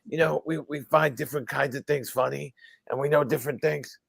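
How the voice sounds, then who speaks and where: A man with an East Coast American accent and a deep gravelly voice, a comedian chatting dryly as a guest. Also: steady tone, fairly quick, no echo. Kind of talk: casual interview chat.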